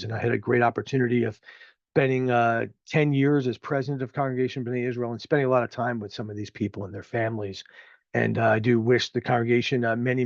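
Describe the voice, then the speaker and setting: A man's voice: mid-range voice, dry recording. Chatty middle-aged man, muffled dry sound. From New Jersey. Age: 50s. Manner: chatty, rambling, with frequent filler words. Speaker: show host. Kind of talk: opinionated local commentary.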